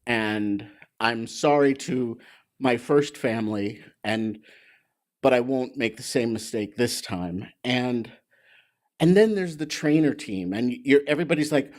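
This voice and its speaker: A man in his forties gives a heartfelt graduation speech, halting and restarting as he talks. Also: medium pitch. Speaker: graduate speaker.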